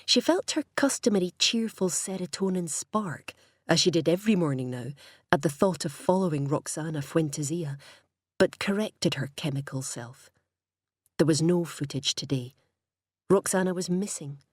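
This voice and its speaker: A woman reading a crime novel aloud in measured, wry scripted narration. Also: deep voice, husky, no room sound, clean studio sound. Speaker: audiobook narrator.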